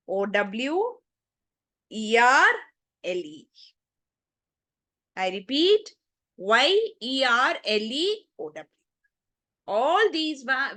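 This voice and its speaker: A woman's voice: fairly high pitch, a bit bright, dry recording. A woman teaching an online lesson to children, explaining rules step by step and repeating word forms aloud. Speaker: English teacher.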